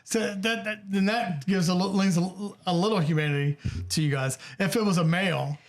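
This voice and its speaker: A man from Ohio with a voice pitched a little high for a man hosts a relaxed podcast chat. He talks in halting bursts, restarts often and swears casually. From Dayton, Ohio. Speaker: podcast host.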